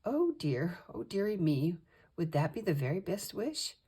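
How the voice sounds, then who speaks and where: A woman's voice: a little slow, breathy edge, heavily acted. An older woman voicing a timid female wish-granting spirit who frets nervously. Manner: nervous, fretful, high and excited.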